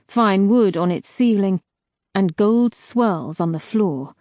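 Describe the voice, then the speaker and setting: A woman reading a dark fantasy audiobook in a slow, measured narration. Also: medium pitch, dry recording, studio quality.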